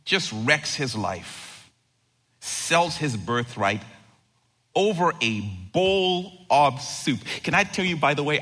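A man preaching a sermon as pastor, animated, acting out quoted lines and swinging from loud to hushed. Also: medium pitch, measured pace, husky. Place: church sanctuary. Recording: long reverb of a large hall.

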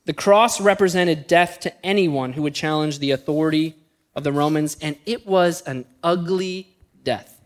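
A middle-aged man, a pastor, preaching a sermon and telling a personal story, speeding up in bursts and slowing down for emphasis. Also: on the high side. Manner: storytelling, shifting between quick bursts and slow emphatic phrases.

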